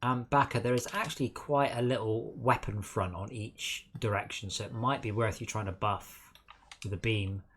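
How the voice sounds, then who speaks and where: A man's voice: fairly low pitch, normal speed, a little hiss or hum. A man streaming a co-op game, chatting casually and self-mockingly while calling out targets and coaching his teammates. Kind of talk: casual gameplay chat.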